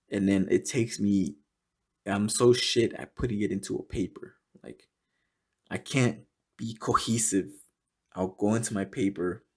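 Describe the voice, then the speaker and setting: Gravelly low-voiced young man, rambling. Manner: rambling and heavily profane, with many fillers; often drops to a low mutter. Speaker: podcast host. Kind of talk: casual podcast chat.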